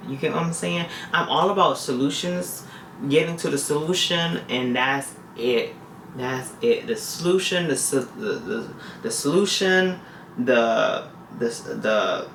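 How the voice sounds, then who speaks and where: A woman vlogging casually in a roomy, echoing space, her voice bright and forceful. She rambles and repeats herself as she speaks directly to her viewers. A light hiss sits under the recording. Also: rumbling low. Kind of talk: casual confessional vlog talk. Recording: echoey room with faint hiss.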